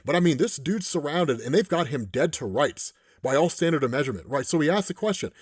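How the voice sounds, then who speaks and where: Lively, casual male comic recap host. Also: fairly high pitch, quick pace, slightly rough, dry recording, studio quality. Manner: casual, profane, keeps asking "right?". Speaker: comics commentator.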